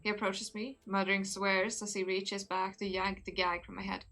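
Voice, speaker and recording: A woman's voice: medium pitch, flat delivery, moderate pace, few pauses, bright, forceful tone. A young woman streamer, giggly and chatty, reading a story aloud and talking with her viewers. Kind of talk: casual live-stream chat and story reading.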